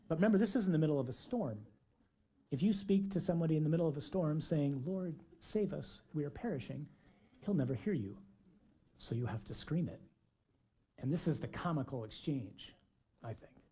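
Male preacher, husky and mellow tone, dramatic sermon delivery with acted-out lines. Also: on the high side. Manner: dramatic, acts out shouted dialogue.

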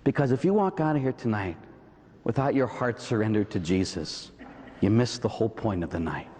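A middle-aged priest with a Pittsburgh accent preaches a sermon, his voice rising and falling in a lively, expressive line. He keeps checking in with the congregation through rhetorical questions and quick asides. The church around him carries a long, ringing reverb. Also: fairly low pitch. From Pittsburgh, USA. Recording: long reverb in a large hall.

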